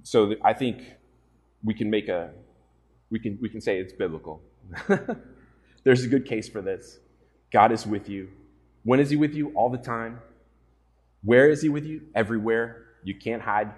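A man's voice: fairly low pitch, a little slow, long pauses, a little mellow. Earnest male pastor preaching. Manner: earnest, asks the congregation questions. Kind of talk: sermon.

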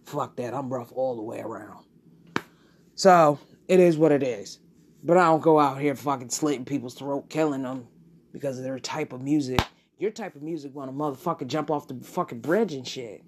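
A woman hosting her own podcast, delivering a blunt, profane, animated solo rant. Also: very deep voice, normal speed, slight background noise. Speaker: podcast host.

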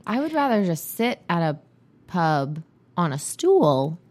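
Easygoing lower-voiced woman co-host. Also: big pitch swings, takes it slowly, a little mellow. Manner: easygoing, agreeable, lots of short backchannels. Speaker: podcast co-host. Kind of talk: casual chat.

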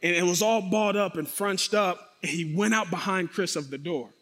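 A man with a fairly high voice tells a dramatic personal testimony. He speaks straight to his listeners and acts out sounds and voices as he goes. His voice rings with long reverb, as if in a large hall. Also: normal speed. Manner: animated, acts out sound effects and quotes; addresses the audience directly.

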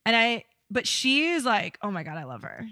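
Bright-voiced woman telling candid stories. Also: fairly high pitch, very animated, normal speed, no echo, studio quality. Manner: candid, bawdy storytelling with frequent laughter. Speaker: podcast co-host. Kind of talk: casual chat.

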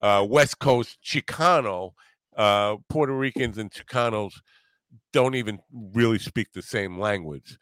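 A man's voice: on the low side, measured pace, fairly bright tone, clear, resonant tone, dry recording, clean studio sound. A man hosting a podcast in casual chat, rambling, laughing often and swearing now and then. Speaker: podcast host.

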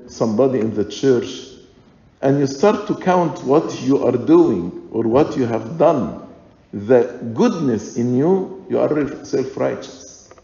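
Man preaching, slow and deliberate, dark mellow tone, long church reverb. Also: medium pitch, creaky. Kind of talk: sermon. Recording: echoey church hall, dull lo-fi sound.

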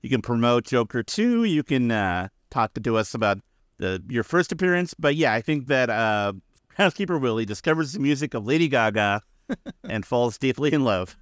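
A man's voice: medium pitch, sing-song, normal speed, no room sound. A man co-hosting a casual podcast with dry, laid-back jokes. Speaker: podcast co-host.

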